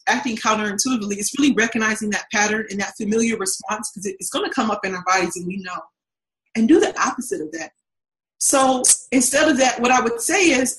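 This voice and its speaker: A woman talking casually as a guest, animated and acting out what she used to say and think. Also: fairly high pitch, echoey room, low-quality recording. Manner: animated, acts out her past self's voice. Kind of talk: casual chat.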